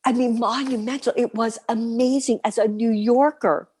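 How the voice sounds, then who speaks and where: A middle-aged woman from New City, a guest performer telling her stories in an interview, lively and vivid, sometimes dropping to a whisper. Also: on the high side, normal speed, slightly rough. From New York City. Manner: animated, vivid storyteller, breaks into soft whispers. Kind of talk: storytelling interview.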